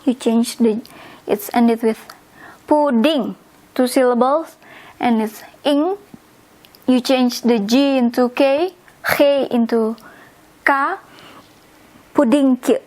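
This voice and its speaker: Slow, high-voiced woman teaching vocabulary. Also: darkish tone, rough recording. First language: Indonesian. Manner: repeats words slowly, spells endings out. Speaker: language teacher. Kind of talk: slow instructional explanation.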